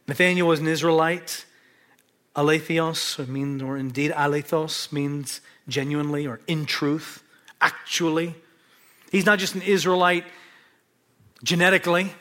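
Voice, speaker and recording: A middle-aged man delivers a sermon in a voice pitched a little high. He leans hard on key words, then drops suddenly to a hushed near-whisper. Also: steady tone, measured pace, long pauses. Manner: emphatic, dramatic shifts between loud stress and hushed whispers. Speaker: preacher.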